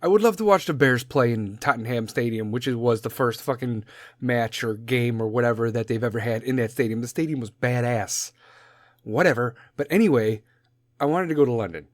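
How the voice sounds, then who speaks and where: A man's voice: medium pitch, a little fast, dry recording, clean studio sound. A man in his forties with a Chicago accent, hosting a podcast in a profane, rambling, jokey rant. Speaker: podcast host. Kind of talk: casual rant.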